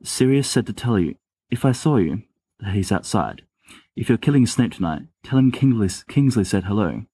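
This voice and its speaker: A man's voice: fairly low pitch, animated, normal speed, mellow, husky, no room sound. A man voicing a flustered teenage boy who babbles and pleads in a raised voice, in an amateur audiobook reading. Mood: panicked. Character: frantic, flustered teenage boy wizard Remus.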